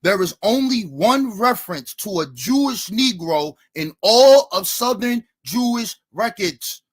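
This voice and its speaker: A man with a somewhat high voice argues his case in a debate. He reads quotations from books in a steady, argumentative way to support his points.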